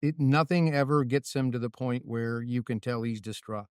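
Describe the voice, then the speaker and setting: A man's voice: medium pitch, normal speed, clean tone, no echo, studio quality. A man, a racing crew chief, telling stories as a guest in a casual interview, often restarting and checking in with "right?". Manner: animated storyteller with frequent restarts and "right?".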